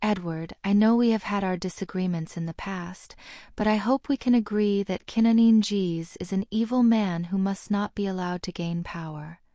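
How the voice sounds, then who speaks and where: A woman voicing a congenial but grave old male headmaster wizard, speaking in a courteous, measured way in an audiobook reading. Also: medium pitch, warm tone, no room sound, clean studio sound, close to an everyday voice. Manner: courteous, turning cold.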